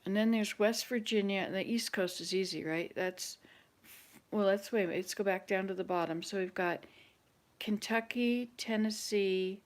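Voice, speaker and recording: A woman's voice: mid-range voice, normal speed. A woman hosting a casual chat with online viewers, thinking aloud and hesitating as she searches her memory. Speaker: channel host.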